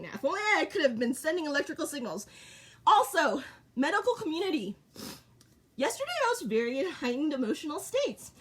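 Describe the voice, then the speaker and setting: A woman's voice: sits high, big pitch swings, a little fast. A middle-aged woman vlogging in short, repetitive, blunt sentences. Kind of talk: casual monologue to camera.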